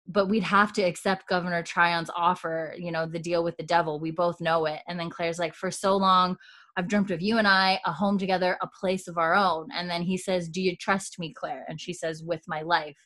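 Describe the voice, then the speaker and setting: A woman co-hosts a podcast in a lowish, somewhat bright voice, with fairly even intonation and normal speed. Her casual recap chat retells scenes with quoted lines, and she comes across as chatty and giggly.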